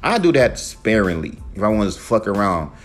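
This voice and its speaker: A man with a deep, low-pitched voice talks casually on a solo podcast, swearing freely as he rants with emphatic energy about rap. Faint music sits quietly behind him. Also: moderate pace. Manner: profane, emphatic, animated rant. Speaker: podcast host and rapper.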